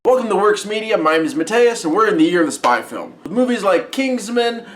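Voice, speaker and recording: Male film reviewer, rapid, chatty, slightly high voice, enthusiastic delivery. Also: expressive, faint music behind. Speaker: film reviewer, channel host. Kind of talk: casual movie review.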